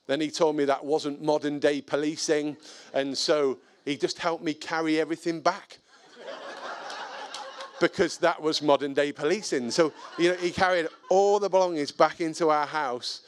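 Man telling a story, slightly high voice. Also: steady tone, moderate pace. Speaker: speaker telling a personal story. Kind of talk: storytelling talk.

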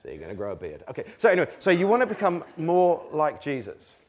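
A man's voice: fairly high pitch, wildly swooping pitch, fast. A man preaching a conversational sermon, asking rhetorical questions and laughing between points. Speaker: pastor.

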